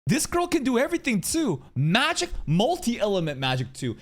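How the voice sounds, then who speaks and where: A woman streaming her reaction to an anime episode, excitable and swearing freely as she comments. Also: fairly high pitch, normal speed.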